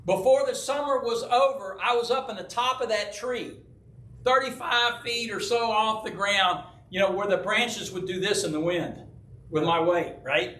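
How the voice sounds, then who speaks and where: Man, pastor, Bible study, storytelling, keeps asking "right?", high bright voice, echoey church room. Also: a little slow. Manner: animated storyteller who acts out quoted voices; frequent checking with "right?". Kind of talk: conversational Bible teaching with personal stories. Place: church hall.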